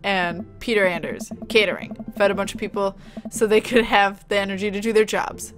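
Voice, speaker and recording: A woman voicing a gruff older man who solemnly insists on honoring every film crew member. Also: mid-range voice, fairly even intonation, moderate pace, music in the background, lightly acted. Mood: reverent. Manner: solemn, fussy about credits. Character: gruff older male film lover, earnest.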